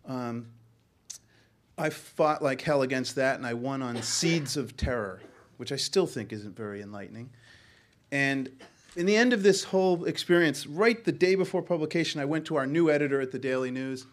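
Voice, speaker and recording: A middle-aged man from Boston, a newspaper journalist, telling a personal story to a panel in an earnest, halting way with many ums and restarts. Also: medium pitch.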